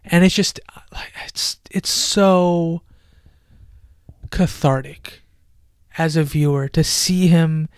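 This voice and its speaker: A man giving an excited, casual film review on a headset mic, swinging from loud enthusiasm to hushed near-whispers. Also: fairly high pitch, slow, pauses often, clear, resonant tone, no echo, studio quality.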